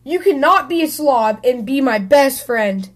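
A woman's voice: high-pitched, lively intonation, a little slow. A woman reading a storybook aloud, voicing a fussy, tidy male cat who wants a best friend. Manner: prim and fussy.

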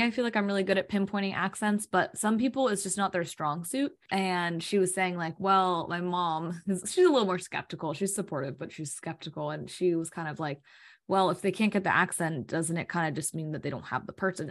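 A woman's voice: fairly low pitch, brisk. A woman hosting a podcast in casual chat, agreeable and encouraging, often saying "like". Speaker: podcast host.

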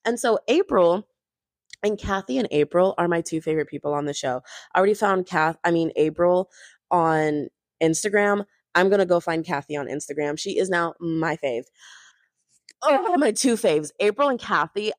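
A woman's voice: on the low side, expressive, normal speed, no room sound, studio quality. A woman chatting in a gossipy way, recapping a reality show with lots of "like". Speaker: host.

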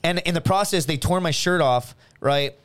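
Male podcast guest, slightly high voice, animated profane storyteller. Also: moderate pace, smooth. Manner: animated, profane, acts out quotes. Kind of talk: casual storytelling.

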